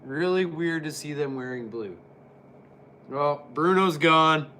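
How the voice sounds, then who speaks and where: A man's voice: a little high, measured pace, a little hiss or hum. A man giving casual, jokey play-by-play commentary while reviewing an old wrestling match. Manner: excitable, jokey, chatty.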